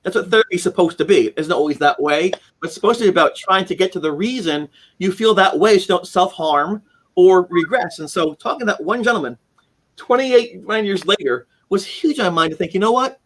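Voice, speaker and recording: Guy in his 40s on a video call from home, slightly higher voice, earnest and rambling, lots of "you know". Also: brisk, fairly bright tone. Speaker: guest, author of a haunting memoir. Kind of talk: casual live-stream interview. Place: home room with keepsakes, indoors.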